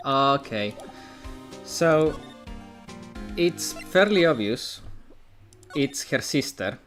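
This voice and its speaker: A man's voice: fairly high pitch, very animated, slow pace, long pauses, soft background music. Chatty young man streaming a game. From Italy. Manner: chatty, answers chat, stumbles while reading aloud. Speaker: gaming streamer. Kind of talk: casual livestream commentary and reading.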